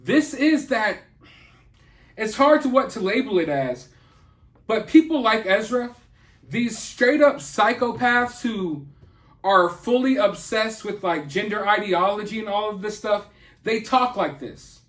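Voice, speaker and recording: A man's voice: sits high, lively intonation, measured pace, a bit bright. A man hosting an opinion commentary vlog, talking in an indignant, emphatic and mocking way. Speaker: commentary channel host.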